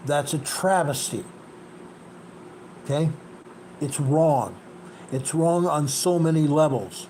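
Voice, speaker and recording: A man's voice: fairly high pitch, darkish tone, slight background noise, poor audio. A man hosting an earthquake report, narrating over a map in an emphatic way and repeating key points. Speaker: host.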